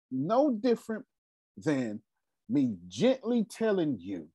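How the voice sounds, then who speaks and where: Man, motivational meeting leader: emphatic, preachy, slangy, animated delivery, dry sound. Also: high-pitched, no room sound. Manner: emphatic, preachy, repeats phrases, casual slang. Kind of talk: motivational talk to a group.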